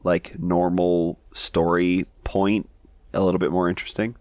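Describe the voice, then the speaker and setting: Podcast co-host, male, very low pitch, easygoing and halting delivery. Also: little pitch movement, a little mellow, no echo. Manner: easygoing, hesitant, laughs often. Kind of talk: casual comic review chat.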